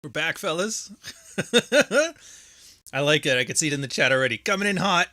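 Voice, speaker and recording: A man's voice: a little high, lively intonation, moderate pace, pushed and bright. A man hosting a podcast livestream, talking casually and rambling as he reads out viewer messages on a close microphone. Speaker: podcast host.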